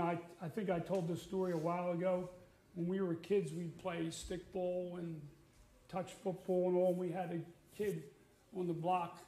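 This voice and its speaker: A man's voice: high voice, vocal fry, dark tone. A middle-aged man preaching a sermon in a conversational way, with fillers and restarts. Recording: echoey room.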